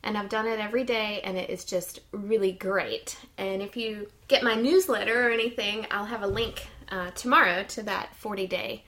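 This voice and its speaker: An American woman living in Sweden co-hosts a podcast, chatting freely and casually with lots of fillers and easy laughter. Her medium-pitched, fairly bright voice runs at normal speed with hardly any pauses.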